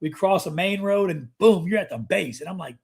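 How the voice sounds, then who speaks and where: A man co-hosting a veterans podcast, telling stories in an animated, profane, casual way. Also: high voice, a little fast, vocal fry, breathy edge. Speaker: podcast co-host, Navy veteran. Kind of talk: casual storytelling chat.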